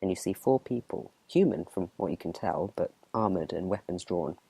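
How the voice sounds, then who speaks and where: A man running a tabletop game as game master, narrating in a relaxed, chatty whispered role-play. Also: deep voice, normal speed, creaky, husky, dry recording.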